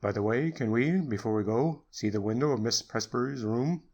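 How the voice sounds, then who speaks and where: A man voicing a calm, shrewd detective in an audiobook, measured, courteous and quietly wry. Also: mid-range voice, slightly rough. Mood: dryly amused. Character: calm, shrewd male detective, dryly amused. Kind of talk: audiobook character reading.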